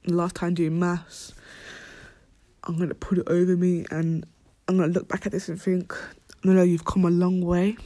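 A woman's voice: on the low side, level tone, moderate pace, long pauses, mellow, dry recording. A young woman, a college student talking casually about her own life, rambling with many fillers and restarts, dropping to whispers at times. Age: young adult. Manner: slang-heavy, drops to whispers at times. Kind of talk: casual personal vlog.

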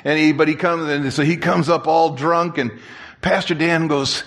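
A man preaching a sermon as pastor, telling a story in a lively, joking way and repeating phrases for emphasis. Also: a little high, moderate pace. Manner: animated, jokey storyteller who repeats and restarts phrases.

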